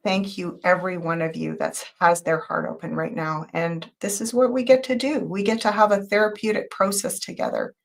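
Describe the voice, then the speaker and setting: A woman's voice: on the low side, fairly even intonation, creaky. Intense, emotional woman tarot host. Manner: emotional and intense, thanking viewers by name; spiritual, guiding talk with quick changes of loudness. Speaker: tarot reader and show host. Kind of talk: live psychic tarot reading, chatting with viewers.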